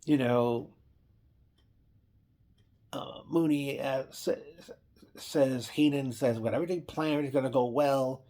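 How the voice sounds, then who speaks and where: A man's voice: mid-range voice, fairly even intonation, measured pace, pauses often, mellow. Man rambling through a wrestling recap. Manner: rambling, frequent restarts and self-corrections. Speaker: wrestling event reviewer. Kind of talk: casual play-by-play recap.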